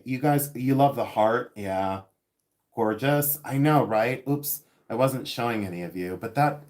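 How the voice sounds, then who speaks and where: Fifty-something guy from ohio rambling through a live jewelry stream, laughs a lot. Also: medium pitch. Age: 50s. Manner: chatty and rambling, laughs often. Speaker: livestream host selling vintage jewelry. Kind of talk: casual live chat with viewers.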